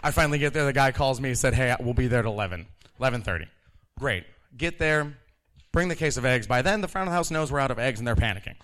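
A man in his thirties telling a live story about working in a kitchen, animated and laughing, acting out the people he quotes. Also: medium pitch, fast talker.

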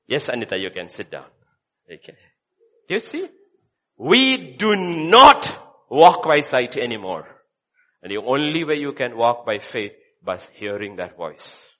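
A man preaching a sermon as a pastor, repeating short phrases and swinging between hushed and loud delivery. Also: lowish voice.

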